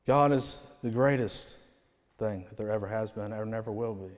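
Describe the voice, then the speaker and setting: A man preaching a revival sermon in a church, rising to loud proclamations and falling to near-quiet phrase endings. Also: on the low side, normal speed. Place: church sanctuary. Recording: long hall reverb.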